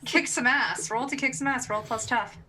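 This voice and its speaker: A woman's voice: a little high, moderate pace, bright, forceful tone, rough recording. A woman running a tabletop role-playing game as game master, making amused rulings.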